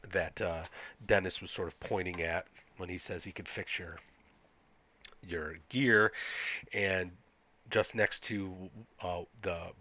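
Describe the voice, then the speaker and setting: A man serves as game master for a tabletop game, reading aloud in a hesitant way packed with fillers. His voice is low, with a bright, forceful tone.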